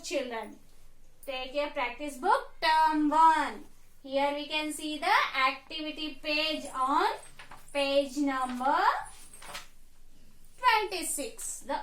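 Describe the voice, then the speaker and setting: Woman teacher, high and bright, recites letters very slowly to young kids; roomy classroom, distant mic. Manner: slow, deliberate drill-style recitation, addressing children. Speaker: primary school teacher. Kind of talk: classroom phonics lesson. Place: classroom with a board.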